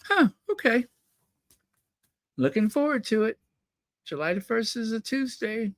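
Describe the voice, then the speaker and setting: A man's voice: very high voice, sing-song, measured pace, fairly bright tone, no room sound, clean studio sound. A man hosting a casual solo gossip vlog, chatting to viewers in a rambling way and repeating words for emphasis. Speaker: royal gossip channel host.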